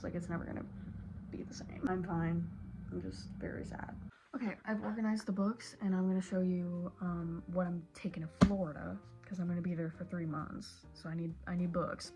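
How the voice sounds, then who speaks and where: A woman in her late teens talking in a casual, tearful vlog, rambling with lots of "like" fillers. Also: fairly low pitch. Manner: emotional, rambling, many "like" fillers. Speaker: vlogger. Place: bedroom at home.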